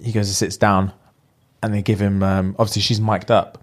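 A man's voice: fairly low pitch, normal speed. Young man retelling a film. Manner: animated storyteller with slang, acting out the lines. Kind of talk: casual chat, retelling a film.

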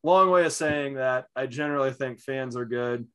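A man in his thirties co-hosting a casual sports talk show, telling stories in an animated way and acting out what people said. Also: medium pitch, normal speed, clear, resonant tone. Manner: animated storyteller, acts out quotes. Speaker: podcast co-host.

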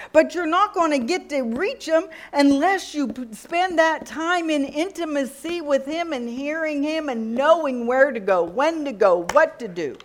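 A middle-aged woman delivers a sermon in a slightly high voice, sliding easily between teaching and testimony. She tells personal stories and acts out the lines of the people in them, including her exchanges with God and others.

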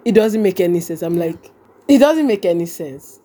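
Young Nigerian woman, lively storyteller. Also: lowish voice, normal speed. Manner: animated, repeats phrases and acts out quoted speech. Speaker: podcast guest. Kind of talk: casual conversational storytelling.

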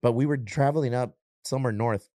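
A man co-hosting a casual podcast, talking in animated slang. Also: medium pitch, a little fast, no room sound, studio quality. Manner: animated, slangy, says dude and dog. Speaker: podcast co-host. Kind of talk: casual chat.

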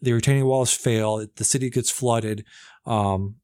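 A man's voice: medium pitch, fairly even intonation, a little slow, a little mellow, clear, resonant tone, no echo, studio quality. A man casually retelling a movie plot on a podcast, rambling with many fillers.

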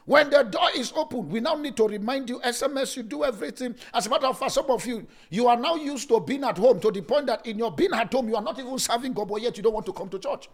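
A man preaching as a pastor, swinging between loud and soft, with sudden rises and drops in pitch. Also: fast, hardly any pauses. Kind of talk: sermon.

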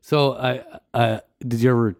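A man co-hosting a casual podcast, rambling through his points with many "you know"s and quick laughs. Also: mid-range voice, steady tone, dry recording, clean studio sound. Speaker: podcast co-host.

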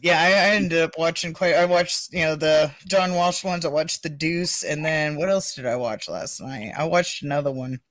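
Woman host, lowish voice, dry close sound, casual interview talk. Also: moderate pace, hardly any pauses, dry recording. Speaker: podcast host.

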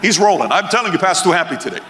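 A man's voice: sits high, big pitch swings, racing, a bit bright, slight background noise. A man voicing a nosy coworker who gossips in a conspiratorial, chuckling way, in a reverberant hall. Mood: gossipy.

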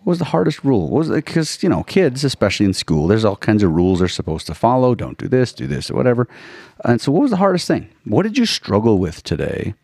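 A man co-hosting a casual parenting podcast, animated and quick to laugh, often tagging "right?" onto his points. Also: medium pitch, creaky, slightly rough, no room sound. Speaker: podcast co-host.

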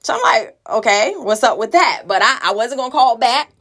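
A woman's voice: on the high side, animated, normal speed, a bit bright. A middle-aged woman telling a personal family story in a conversational way, acting out the voices of the people she quotes. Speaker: listener sharing a story.

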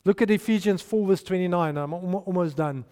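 A man preaching a sermon, animated and storytelling, with restarts and hushed asides. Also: sits high, a little fast. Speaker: pastor. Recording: long hall reverb.

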